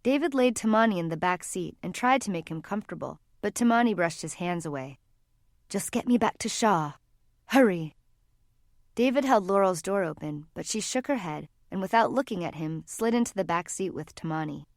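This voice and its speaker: A woman narrating a fantasy novel in an even, measured storytelling voice on a close mic. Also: lowish voice, dry recording. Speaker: audiobook narrator. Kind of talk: scripted narration.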